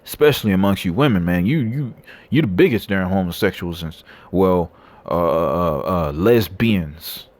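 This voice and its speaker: A man's voice: sits low, normal speed, a little mellow. A man preaching and reading scripture aloud, blunt and coarse, tagging lines with "man" and "all right". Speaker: street preacher.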